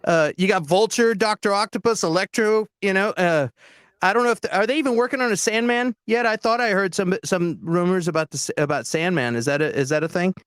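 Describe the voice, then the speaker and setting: A man's voice: high voice, brisk, fairly bright tone, clear, resonant tone, no echo, clean studio sound. A man co-hosting a film podcast, speaking hesitantly with many fillers and restarts. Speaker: podcast co-host. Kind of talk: casual chat about films.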